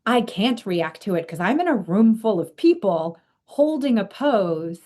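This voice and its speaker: A woman's voice: medium pitch, big pitch swings, unhurried, a little mellow. A woman hosting a podcast interview, talking in an earnest, reflective way with frequent fillers. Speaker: podcast host and coach. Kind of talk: casual interview conversation.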